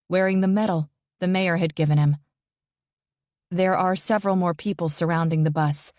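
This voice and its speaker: Woman reading a thriller audiobook, tense steady first person, dead dry mic. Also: fairly low pitch, no room sound. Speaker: audiobook narrator.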